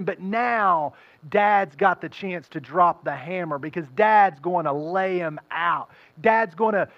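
A man preaching a sermon, telling a story with lively acted-out voices of the crowd. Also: high voice, no room sound, lo-fi sound. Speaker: pastor.

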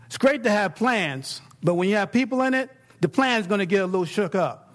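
Speaking quite quickly in a high-pitched voice, this middle-aged man preaches as a pastor. His talk is conversational, dipping into quiet moments and then flaring into excitement.

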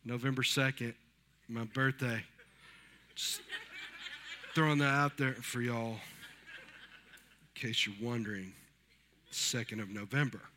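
A man's voice: medium pitch, fairly even intonation, unhurried, long pauses, sharp tone, slight background noise. A pastor in his fifties giving a conversational sermon in church, telling stories and acting out what others said. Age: 50s. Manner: conversational, storytelling with quoted voices. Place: church sanctuary.

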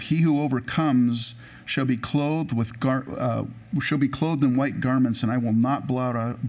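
A man preaching a sermon in a casual, conversational way. He mixes everyday stories with scripture, and he slows down deliberately whenever he reads a verse aloud. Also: mid-range voice, a little mellow. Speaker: pastor.

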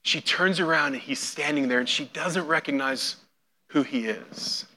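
A man's voice: on the high side, unhurried. A man preaching a sermon, retelling a scripture scene and acting out the voices in it. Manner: storytelling, acts out quoted voices with big swings in loudness. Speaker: pastor.

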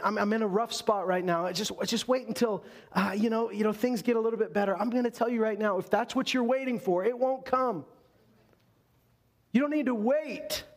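A man preaching a sermon with an earnest, building delivery. His voice sits high for a man, and he drives points home by repeating phrases. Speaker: pastor.

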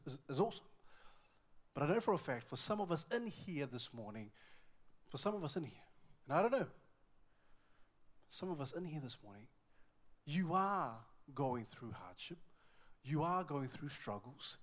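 A man preaching in a church, telling a personal story with strong emotion, repeating words and swinging between hushed and loud moments. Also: fairly high pitch. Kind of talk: sermon with personal testimony.

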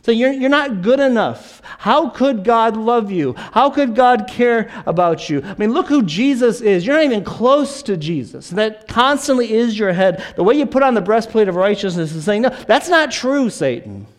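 A man's voice: high-pitched, expressive, normal speed, hardly any pauses. A man preaching a sermon, earnest and insistent, often repeating a word as he presses a point. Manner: earnest, repeats words when stressing a point.

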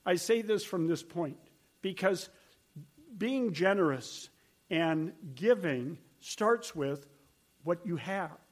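Older high-voiced man preaching conversationally. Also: slow. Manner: conversational storytelling preacher, earnest and animated. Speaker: pastor. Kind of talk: sermon.

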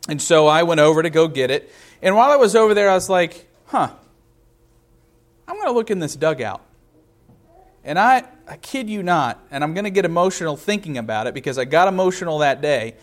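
A man's voice: a little high, lively intonation, quick pace. A man in his thirties preaching a sermon in a conversational way, telling personal stories. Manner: conversational, storytelling with personal anecdotes. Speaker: pastor.

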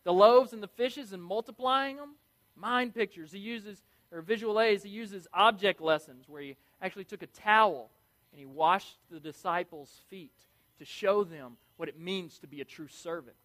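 Guy preaching, pretty high voice, punchy and playful, keeps repeating stuff for emphasis. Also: moderate pace. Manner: energetic, emphatic, playful, repeats key words. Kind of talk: sermon.

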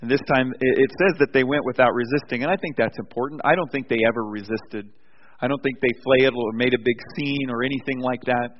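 A male pastor preaching a sermon with animated storytelling, often restarting his sentences, in a church sanctuary. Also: medium pitch, quick pace, slight background noise. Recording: dull recording with long hall reverb.

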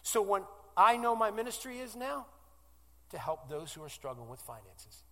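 A man in his forties preaching a sermon as pastor, moving from loud declarations to hushed pleas. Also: high voice, big pitch swings, normal speed, long reverb tail. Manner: impassioned, swinging from loud declarations to hushed, tearful-sounding pleas.

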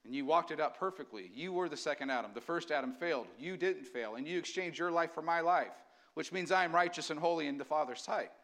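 High, bright-voiced male pastor preaching. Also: fast talker. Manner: energetic, asks the congregation questions. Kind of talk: sermon.

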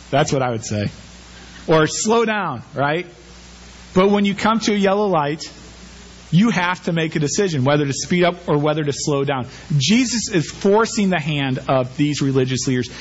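Male pastor, somewhat high voice, lively conversational preaching, muffled lo-fi sound. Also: normal speed, slight background noise. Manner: animated preaching with rhetorical questions. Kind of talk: sermon.

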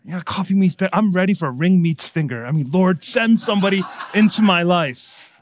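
A man preaching a sermon, swinging between hushed and emphatic delivery. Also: high voice, expressive, normal speed. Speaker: pastor.

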